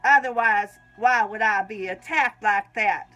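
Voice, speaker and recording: A woman's voice: medium pitch, unhurried, bright, forceful tone, rough recording. A woman with a Southern US accent reads her own Christian writing aloud, often breaking off to sneeze and giggle. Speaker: Christian vlogger.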